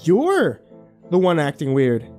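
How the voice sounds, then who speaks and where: A man's voice: on the high side, wildly swooping pitch, slow pace, warm tone, faint music behind, exaggerated voice. A man voicing a young woman who is a bad liar and blurts out defensive denials.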